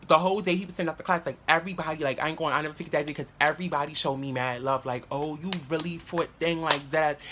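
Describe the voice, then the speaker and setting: A man's voice: a little high, slight background noise. Slangy, profane young man. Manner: animated, slangy, profane, rambling with restarts. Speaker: vlogger. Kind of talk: casual storytelling to camera.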